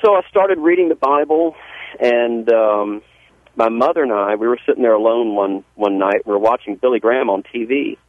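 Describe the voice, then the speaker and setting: A man's voice: mid-range voice, moderate pace, dry recording. A man with a Southern US accent, a pastor telling his life story in a radio interview, earnest and folksy, often restarting his sentences. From Southern US (Georgia). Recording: dry, phone-like radio line.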